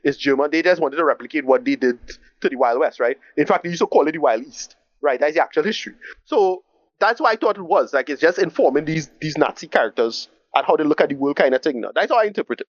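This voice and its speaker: A man talks through a movie in a casual podcast chat, rattling on quickly and often tripping over his own words. His voice sits a bit high for a man. The sound is dry and a little dull, like a lo-fi home mic. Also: dry recording. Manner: fast, animated, restarts and repeats words, asks "right?". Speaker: podcast co-host. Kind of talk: casual film discussion.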